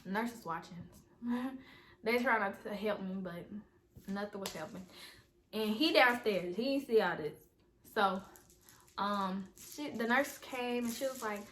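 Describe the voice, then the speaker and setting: A woman's voice: mid-range voice, a little slow, long pauses, fairly bright tone, a little hiss or hum. A young adult woman vlogger in a casual storytime video, rambling and talking straight to her viewers. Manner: chatty, rambling, talks straight to viewers as "y'all".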